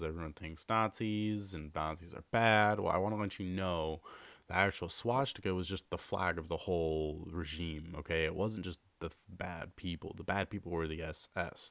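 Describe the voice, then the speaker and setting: A man's voice: sits low, vocal fry, a bit bright, dry recording. A man hosting a podcast, casually telling a long story with lots of fillers and restarts. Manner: rambling, filler-heavy, repeats himself. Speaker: podcast host.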